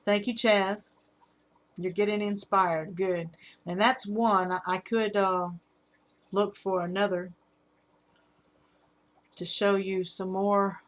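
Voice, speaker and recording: A middle-aged woman with a Southern accent, hosting a casual live stream about her fish, halting often with fillers. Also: mid-range voice, steady tone. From Alabama. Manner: rambling, halting with fillers, reads out chat comments.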